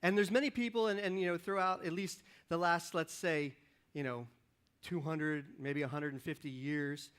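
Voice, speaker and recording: A man preaching as a pastor from a church stage, joking with and directing volunteers in a lively, upbeat sermon. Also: on the high side, moderate pace, clear, resonant tone. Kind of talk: lively sermon with audience participation. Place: church stage before a congregation. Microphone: stage microphone.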